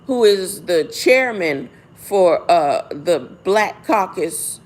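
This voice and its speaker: A woman's voice: fairly low pitch, lively intonation, takes it slowly. A woman reading a text aloud and musing over it in a casual, rambling way. She often asks a rhetorical "huh?" and corrects herself as she goes.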